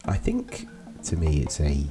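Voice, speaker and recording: A man with an extremely deep, low voice talks through a casual political monologue. He wanders between points with wry, dry asides. Music plays clearly behind him. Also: huge pitch swings, unhurried. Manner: musing, digressive, wry asides. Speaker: political commentary host.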